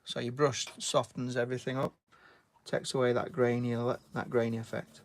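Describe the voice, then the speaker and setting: A man's voice: medium pitch, level tone, normal speed, slight background noise. A British man chatting casually while giving a drawing tutorial and thanking viewers. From Britain. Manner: chatty, reads out viewer names and thanks them, "mate". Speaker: artist live-streaming.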